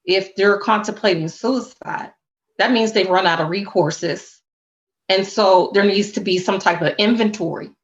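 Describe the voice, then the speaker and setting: A woman's voice: mid-range voice, measured pace, lo-fi sound. A woman speaking as a spiritual coach and interview guest, earnest and reflective, with faith-tinged phrasing.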